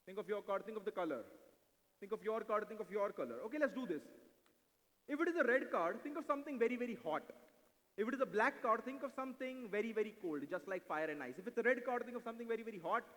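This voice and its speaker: Guy doing card tricks on stage, high quick voice, big echoey hall. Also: animated, a bit bright. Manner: brisk and playful, mixing English with Hindi, coaxing volunteers. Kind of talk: live stage mentalism act with audience volunteers. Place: large event hall. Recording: live hall recording with long reverb.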